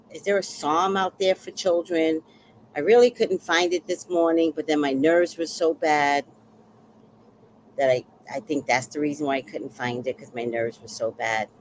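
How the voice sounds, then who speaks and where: A woman hosting a casual livestream, reading out the chat and telling stories with emotional, animated delivery. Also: deep voice, a little hiss or hum. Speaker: livestream host.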